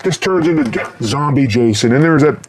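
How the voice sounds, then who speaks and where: A middle-aged man reviewing horror movies in a casual, rambling way, swearing constantly and breaking into loud laughs. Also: on the high side, expressive, normal speed, slight background noise. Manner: profane, rambling, bursts into loud laughs and shouts.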